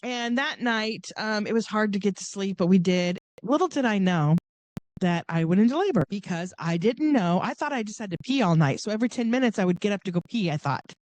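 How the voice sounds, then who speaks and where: A woman's voice: a little fast, no echo. Chatty woman telling a story. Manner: animated, acts out quoted voices with big pitch jumps. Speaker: podcast guest. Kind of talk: casual storytelling.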